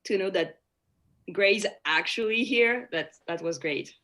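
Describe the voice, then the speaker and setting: A woman joins a casual review chat and speaks slowly, feeling her way through each sentence. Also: mid-range voice, pushed and bright. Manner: slow, searching for words. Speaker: panelist.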